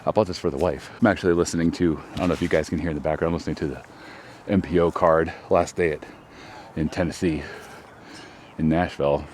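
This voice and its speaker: An extremely low-pitched, steady, slightly mellow voice marks this fast-talking male host from Texas, US, vlogging casually outdoors on a disc golf course. He rambles about his throws in a chatty, self-deprecating manner over a little hiss or hum.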